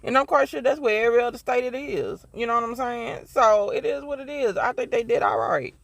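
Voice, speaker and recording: A man's voice: extremely high pitch, brisk, vocal fry, a bit bright, no room sound. A man from Mississippi with a Southern accent, giving a rambling, profane, emphatic TV review in casual chat. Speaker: TV show reviewer.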